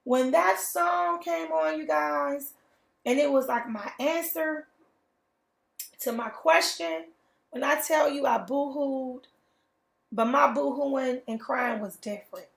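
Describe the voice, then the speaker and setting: A higher-pitched woman telling her own story in a heartfelt, earnest way and talking right to her listeners. Her voice has a gravelly, creaky edge, and the room around her is echoey. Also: takes it slowly. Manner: earnest, emotional storytelling, addresses listeners directly. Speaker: host. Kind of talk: personal testimony talk.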